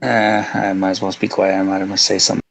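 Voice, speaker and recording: Guest on a stream, lowish voice, unsure, chatty. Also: male voice, flat delivery, fast talker, vocal fry, dry recording, low-quality recording. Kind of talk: casual chat on a stream.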